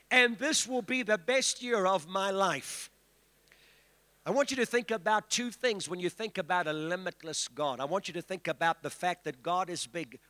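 A man's voice: high voice, pushed and bright. A man preaching as a guest in a church, declaiming and calling on the congregation to respond. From South Africa. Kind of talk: sermon. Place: church sanctuary. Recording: reverberant church hall.

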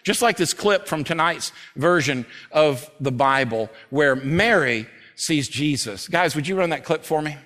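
A man preaching a sermon as pastor at a church service, who swings between loud, urgent stretches and slow, hushed scripture reading. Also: a little high, animated. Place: church service before a congregation.

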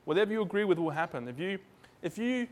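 A man's voice: sits high, big pitch swings, fast talker, darkish tone. A man preaching a sermon in a loose, conversational way, acting out little dialogues in different voices. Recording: hall reverb.

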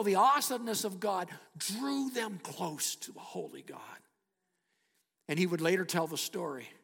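High-pitched guy preaching, punchy then goes all hushed, big long echo like a church hall. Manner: emphatic, with dramatic pauses and hushed drops. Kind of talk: sermon storytelling.

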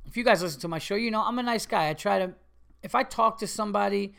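A man with a slightly high voice tells a story on his podcast, full of fillers and restarts. He drifts into a rambling monologue and climbs into loud, animated exasperation. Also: quick pace, creaky. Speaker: podcast host and comedian.

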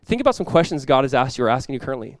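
Pastor, male, fast and animated, conversational sermon, dry close sound. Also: medium pitch, dry recording. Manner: animated, conversational preaching with quick acted-out asides.

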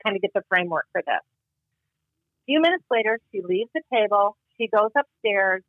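A woman telling a personal story in casual conversation, animated and acting out the dialogue as she goes. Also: mid-range voice, normal speed, dry recording, phone-quality sound. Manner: animated, acts out quoted dialogue. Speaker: guest.

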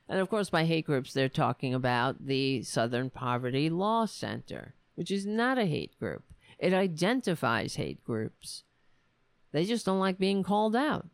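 A woman's voice: deep voice, very animated, unhurried, no echo. A woman hosting a political commentary show, talking in a sarcastic, profane and exasperated way. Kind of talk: casual political rant.

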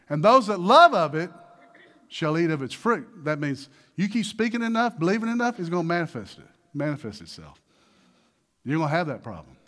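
A man's voice: fairly high pitch, fairly bright tone. A man preaching a sermon as a pastor, posing questions to the congregation and rising into emphatic exhortation.

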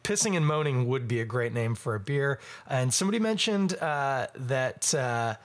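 A man from Canada hosting a podcast in casual chat, animated and quick to laugh, jumping up high when he exclaims. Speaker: podcast host.

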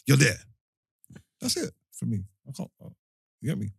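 A man talking in a casual chat, animated, his voice jumping high when he gets excited. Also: moderate pace, creaky, long pauses, breathy edge, no echo, clean studio sound.

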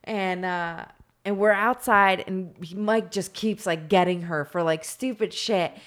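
Animated rambling woman telling a story. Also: lowish voice, a little slow. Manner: animated, rambling, heavy use of "like" and swearing. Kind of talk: casual storytelling chat.

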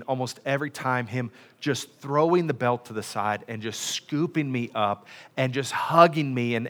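A man's voice: medium pitch, a bit bright. A man preaching a casual, folksy sermon in a church, chatty and self-deprecating with many fillers. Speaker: pastor. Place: church sanctuary.

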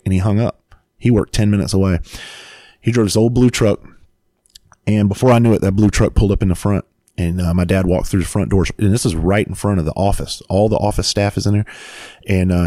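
Man, lowish voice, casual storytelling, profane, animated, dry recording. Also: no room sound. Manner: animated, profane, laughs while telling. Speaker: father.

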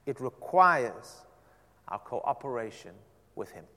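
A man preaching a sermon to a seated congregation, swinging from loud emphasis down to a soft near-whisper. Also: mid-range voice, sing-song, takes it slowly. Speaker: pastor. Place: church sanctuary. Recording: long hall reverb.

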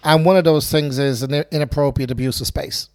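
A man's voice: a little high, a little fast, clear, resonant tone, no echo, clean studio sound. A man, a self-defence instructor explaining ideas in a conversational way, telling stories and acting out quotes. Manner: animated storyteller, acts out quotes, frequent restarts.

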